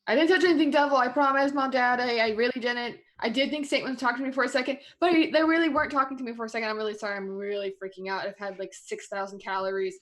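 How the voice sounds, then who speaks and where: A woman's voice: medium pitch, monotone, fast, hardly any pauses, natural voice. Woman playing a jittery young college sprinter. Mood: anxious. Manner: nervous, rambling, full of "like". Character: anxious young female college sprinter with metal hand. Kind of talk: tabletop role-play.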